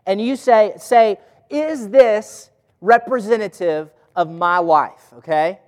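A man preaches to a gathered group, throwing question after question at them. His voice sits high and he speaks slowly. The sound carries a long reverb. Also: a little mellow. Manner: asks the audience questions. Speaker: pastor. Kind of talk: interactive Bible teaching.

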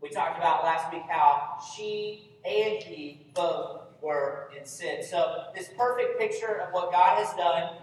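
A Bible study teacher with a mid-range voice leads an interactive lesson slowly, quizzing the group with question after question. The large meeting room is very echoey, he is far from the mic, and there's slight background noise.

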